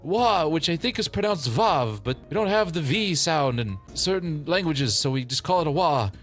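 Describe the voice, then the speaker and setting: A man's voice: a little high, lively intonation, normal speed, faint music behind, lightly acted. A man doing a timid stammering young man. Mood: nervous. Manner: hesitant, stammering.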